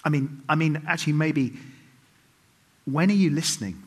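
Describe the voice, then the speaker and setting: A man's voice: a little high, moderate pace, husky. Joking middle-aged male preacher. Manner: humorous storytelling with acted quotes; self-mocking asides to the congregation. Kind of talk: sermon. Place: church service.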